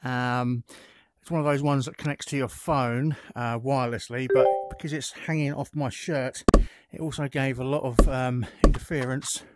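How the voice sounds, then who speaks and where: A man's voice: medium pitch, steady tone, moderate pace, hardly any pauses. A man giving casual gameplay commentary as he plays a VR game, thinking aloud while he adjusts settings, recorded on the headset's built-in mic. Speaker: VR gaming content creator. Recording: loud game crowd noise over voice. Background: loud cricket crowd and bat clicks from the game.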